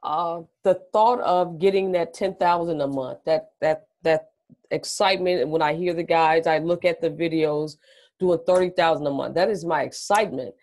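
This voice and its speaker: A woman's voice: deep voice, normal speed, a little mellow. A woman on a coaching call, earnest and agreeable, often answering in short replies. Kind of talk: casual chat on a call.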